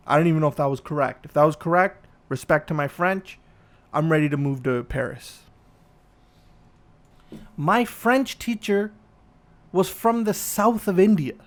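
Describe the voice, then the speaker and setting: A man's voice: fairly high pitch, normal speed, long pauses. A man hosting a podcast, delivering a profane, ranting comedic monologue. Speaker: podcast host.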